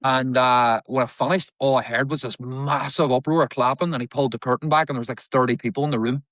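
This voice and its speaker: Fast-talking man, emphatic. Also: medium pitch, steady tone, a bit bright, dry recording. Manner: fast, repetitive, emphatic, swears casually. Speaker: actor and filmmaker guest. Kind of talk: candid storytelling in interview.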